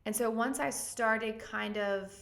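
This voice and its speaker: Gravelly-voiced woman sharing an emotional testimony. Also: on the high side, steady tone, takes it slowly, a bit bright. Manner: earnest, emotional, frequent ums and likes. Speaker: pastor and guest. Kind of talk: candid personal testimony in a podcast interview. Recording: echoey room.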